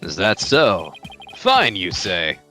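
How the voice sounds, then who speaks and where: A laid-back middle-aged father teases his son in a dry, easy way, as a man plays him in a fan voice-over of a game. His voice sits deep but bright, swooping in pitch. Faint music hums behind. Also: huge pitch swings, slow, full character voice. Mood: teasing. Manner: dry, teasing.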